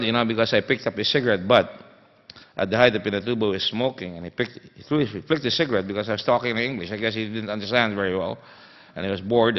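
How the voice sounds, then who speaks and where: Male guest speaker, low-pitched, telling his stories with punch; recorded in a long-reverb hall on a muffled line. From Philippines. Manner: storytelling, emphatic, many fillers. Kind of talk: anecdotal conference speech. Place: conference hall. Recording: dull sound in a reverberant hall.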